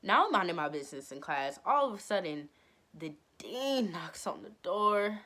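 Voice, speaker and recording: A young woman vlogger telling a storytime in a casual, slangy, animated way. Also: fairly low pitch, moderate pace. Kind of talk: storytime vlog.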